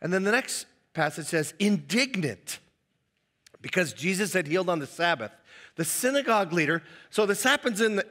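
A middle-aged male pastor giving a conversational, animated sermon in a church, acting out the voices he quotes. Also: high voice, in a large hall. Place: church hall.

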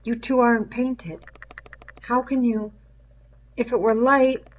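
A woman voicing an outcast boy who speaks in a low, thick, strained voice. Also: steady tone, slow pace, highs cut off, a little hiss or hum. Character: hunted outcast boy, weary, pleading.

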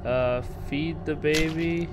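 With heavy noise in the background, this man hosts a relaxed game walkthrough in a fairly high-pitched voice at a slow pace. Jumpy and excitable, he reacts to surprises with sudden yelps and light cursing.

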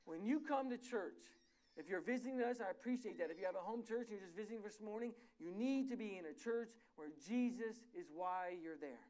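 Male preacher with a high voice, earnest sermon delivery that slows and swells on the key phrases. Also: a little mellow, rough recording. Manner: emphatic, slows and rises in volume to stress key words; explains scripture verse by verse in plain terms. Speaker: pastor.

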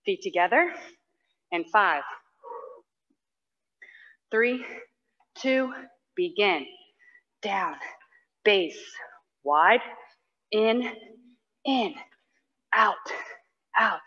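Woman fitness instructor, bright edgy voice, slow spaced-out cues, countdowns and name cheers, breathing hard, dull lo-fi audio. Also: medium pitch, animated, in a large hall. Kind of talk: live workout coaching. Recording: dull lo-fi online class audio.

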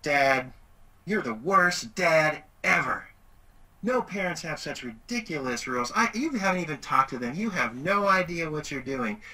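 A man voicing his upset teenage daughter in a high, wailing voice. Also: animated, normal speed, sharp tone, far from the mic, exaggerated voice, poor audio. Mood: indignant. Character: upset teenage girl, whiny and dramatic.

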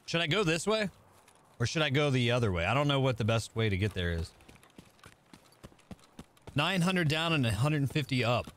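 A man talks his way through a live game stream, musing aloud and greeting viewers in a loose, chatty way. His pitch swings a lot, from low mutters to quick high greetings. A faint hiss sits behind his voice. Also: sing-song, fairly bright tone. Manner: chatty, thinking aloud, talking to chat. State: out of breath. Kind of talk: casual live-stream chat while gaming.

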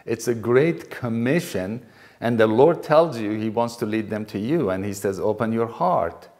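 A man's voice: fairly low pitch, moderate pace, a little mellow. A middle-aged man from Iran, teaching in an earnest talk with frequent restarts. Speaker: Christian teacher.

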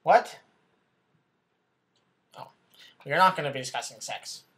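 A man's voice: mid-range voice, quick pace, pushed and bright, natural voice. A man playing a bumbling, self-important TV news anchor who rambles, gets flustered, corrects his own slips and talks back to people off camera. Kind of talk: comedy sketch acting.

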